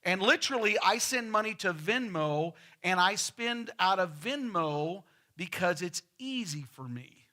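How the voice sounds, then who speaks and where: A middle-aged man with a West Texas accent preaching from the pulpit, with a high voice for a man. He tells his stories in a folksy way and often stumbles over a word before the thought comes out. His tone is bright and forward. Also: lively intonation, measured pace, hardly any pauses. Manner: folksy storytelling, repeats words when starting. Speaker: pastor. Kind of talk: sermon with a told joke. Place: church sanctuary.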